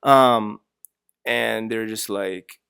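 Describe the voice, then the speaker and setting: A man's voice: on the low side, fairly even intonation, extremely slow, vocal fry, sharp tone, clear, resonant tone, no echo, clean studio sound. A young man who teaches English, giving blunt and frank workplace advice in a casual vlog, ranting and swearing freely.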